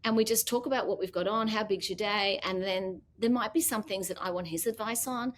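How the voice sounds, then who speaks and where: A woman's voice: medium pitch, a little fast, slight background noise. A middle-aged Australian woman, a business founder, chatting as an interview guest and acting out quoted dialogue as she tells stories. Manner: animated storyteller, acts out quoted dialogue. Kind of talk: casual interview chat.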